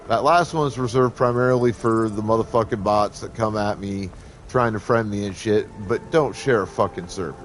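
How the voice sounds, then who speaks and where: A man's voice: moderate pace, soft background music. A man streaming a game live, ranting heatedly and swearing constantly. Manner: heated, swearing constantly, animated swings in pitch. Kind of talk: profane live-stream rant.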